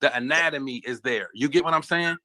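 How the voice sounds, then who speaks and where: A man's voice: medium pitch, fairly quick, a loud crowd. A man pressing his view in a casual debate, often asking if he is understood. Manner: pushy, keeps asking if understood. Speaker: panelist.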